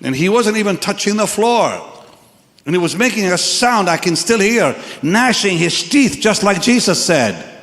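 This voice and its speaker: Dramatic older preacher in an echoey hall. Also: male voice, high-pitched, sing-song, moderate pace. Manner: dramatic, swings from hushed to shouting. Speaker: pastor. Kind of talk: dramatic sermon testimony. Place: large church or crusade hall with congregation.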